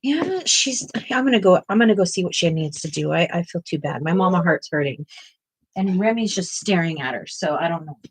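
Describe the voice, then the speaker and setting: A woman hosting a casual livestream, chatting and reading viewer comments aloud, now and then cooing softly to a fussy pet at home. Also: lowish voice, lively intonation, fairly quick, slightly rough, no room sound. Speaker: art channel host.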